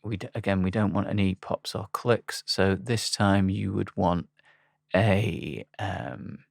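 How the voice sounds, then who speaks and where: Male tutorial instructor, low and gravelly, unhurried and halting, dry close sound. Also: dry recording. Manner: relaxed, halting, with frequent ums. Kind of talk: screen-recorded software tutorial.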